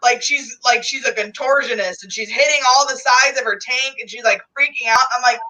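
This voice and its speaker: Woman host, bright tense voice, laughs a lot, sits back from the mic. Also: a little high, brisk. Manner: chatty, laughs often. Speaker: reptile livestream host. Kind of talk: casual chat. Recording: distant from the mic.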